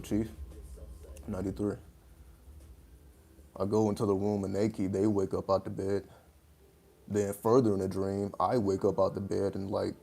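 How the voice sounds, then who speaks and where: Guy streaming live, dark mellow voice, kinda rambly w lots of fillers. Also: deep voice. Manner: loose and rambling, many fillers, laughs between points. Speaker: livestream host. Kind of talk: casual livestream chat.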